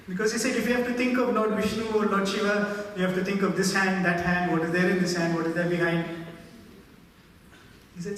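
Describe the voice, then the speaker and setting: A spiritual speaker delivers a devotional talk in a high-pitched male voice, slightly bright, moving at a moderate pace with frequent pauses. He tells stories and checks in with listeners, often tacking on "right?". The recording sounds distant in an echoey hall, with a faint hiss or hum.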